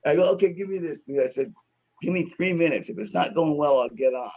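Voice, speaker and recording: A man's voice: fairly high pitch, a little fast, darkish tone, husky, dull audio. A man who is a stand-up comedian, telling a story in a casual, profane, slangy way and laughing often.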